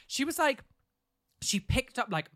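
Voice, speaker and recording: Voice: high voice, big pitch swings, unhurried, fairly bright tone. A podcast co-host telling a retail story in casual chat, rambling with many fillers and sounding incredulous.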